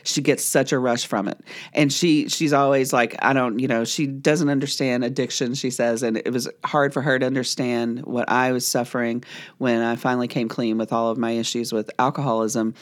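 A woman's voice: a bass voice, fairly even intonation, normal speed. A woman with a Kentucky accent, co-hosting a casual chat and telling stories with frequent laughter. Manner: storytelling, laughs often. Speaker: podcast co-host.

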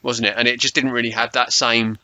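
A man's voice: medium pitch, flat delivery, brisk, pushed and bright, a little hiss or hum, low-quality recording. A man in casual conversation, reminiscing about match days and often restarting with repeated words. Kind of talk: casual chat.

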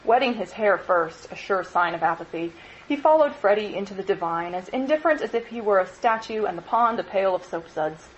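A woman lecturer reading a novel aloud in an expressive, measured way. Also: medium pitch, lo-fi sound, a little hiss or hum.

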